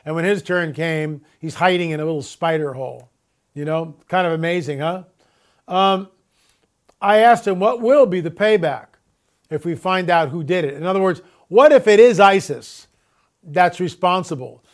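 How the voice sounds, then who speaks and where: Hosting his own video report, this man speaks in a high register throughout an emphatic commentary. His monologue is packed with rhetorical questions and slow, drawn-out catchphrases he keeps repeating.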